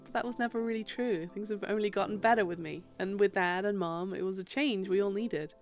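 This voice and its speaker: A woman voicing a gentle, earnest young man in love, reading a visual novel aloud in a soft, emotional way. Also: mid-range voice, a little fast, faint music behind, lightly acted. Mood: earnest, tender.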